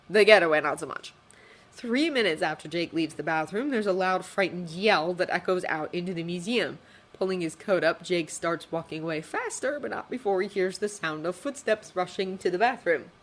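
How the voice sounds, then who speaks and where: A woman reading a fanfiction story aloud with expressive storytelling. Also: fairly low pitch. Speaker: fanfiction reader.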